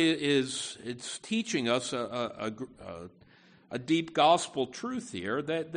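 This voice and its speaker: A man preaching a sermon in an earnest way, often repeating words and saying "you know" as he talks. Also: a little high. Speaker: pastor.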